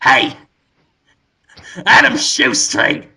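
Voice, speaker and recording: An excitable flower, male and relentless, yelling the same sing-song phrase again and again as a man puts it on. The voice jumps high and stays loud, with a bright, tense edge. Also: extremely slow, heavily acted. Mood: manic glee. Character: giddy male flower with a celebrity's face, nonstop dancing.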